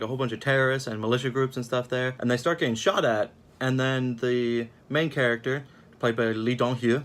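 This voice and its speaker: A man's voice: medium pitch, a bit bright. Young man, film reviewer, casual rant, sarcastic, rambling, uneven pace.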